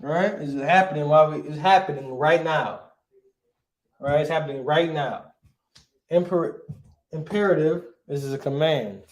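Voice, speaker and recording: A man's voice: fairly high pitch, moderate pace, roomy sound. A male teacher giving a grammar lesson, asking his class questions and answering them himself, often checking with "right?".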